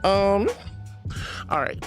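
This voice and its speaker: A woman streamer chatting casually and reading out chat messages, bubbly and quick to laugh. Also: medium pitch, soft background music.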